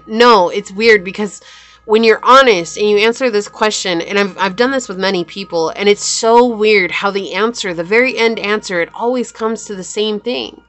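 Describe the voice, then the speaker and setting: A woman giving a pick-a-card tarot reading in a gentle, affirming and emotional way. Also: medium pitch, normal speed. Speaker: tarot reader.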